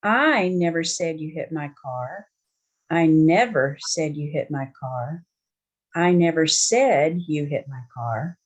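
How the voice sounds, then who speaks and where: A woman participant in a training workshop on a video call, reading a sentence aloud in a slow, deliberate way. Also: sits low.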